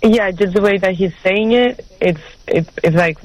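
A woman calling in to an advice show, speaking haltingly and searching for her words. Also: medium pitch, darkish tone, dry recording, poor audio. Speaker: caller. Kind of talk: call-in conversation.

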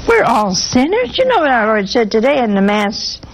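A woman's voice: on the high side, sing-song, normal speed, slight background noise, poor audio. A woman preaching a sermon in a folksy, humorous, conversational way.

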